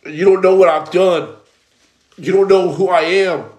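A man's voice: high voice, fairly even intonation, unhurried, a little mellow. Blunt, streetwise man with roomy echo. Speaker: storyteller giving testimony. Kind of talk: personal testimony, preacher-like storytelling.

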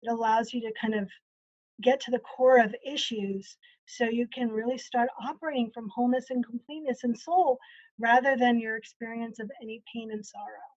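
A woman's voice: a little high, fairly even intonation, brisk, a little mellow, highs cut off. A woman coach talking earnestly in a casual interview, acting out quoted conversations as she explains.

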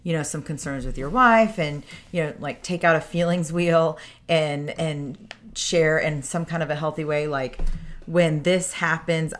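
A woman's voice: low-pitched, fairly bright tone. A woman co-hosting a podcast with her husband, talking candidly and laughing easily. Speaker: podcast co-host. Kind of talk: casual podcast chat.

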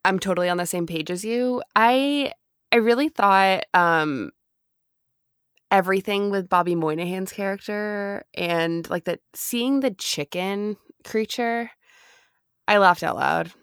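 A woman's voice: medium pitch, a little slow, smooth, no echo, studio quality. A woman in her twenties co-hosting a podcast, chatting casually, laughing often and restarting her sentences. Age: 20s. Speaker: podcast co-host. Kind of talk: casual chat.

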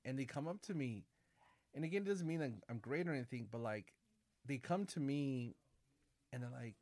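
A man in his forties, a Catholic priest, chatting casually and telling animated stories, acting out quoted dialogue and calling people "man" and "baby". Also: medium pitch, moderate pace, long pauses. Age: 40s. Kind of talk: casual conversation.

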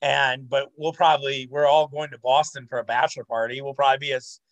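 A man with an ordinary mid-range voice, neither high nor low, co-hosting a podcast. He talks in loose, rambling casual chat, full of fillers and cheerful swearing. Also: flat delivery, brisk, rough recording. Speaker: podcast co-host.

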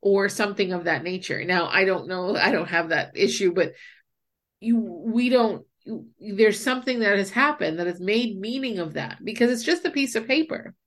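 Mid-pitched woman, conversational, explains with acted-out examples. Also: normal speed. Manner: explanatory, acts out inner voices with examples. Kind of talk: casual conversation.

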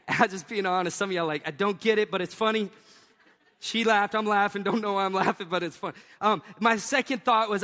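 A man's voice: high voice, normal speed, pushed and bright. A middle-aged man preaching a sermon as a pastor, telling stories with joking asides and laughing at his own jokes. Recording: long reverb of a large hall.

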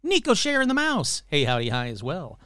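Upbeat, lively-voiced podcast host man. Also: fairly high pitch, moderate pace, smooth, no room sound, clean studio sound. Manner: upbeat and playful, reeling off listener names. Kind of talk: casual solo podcast chat.

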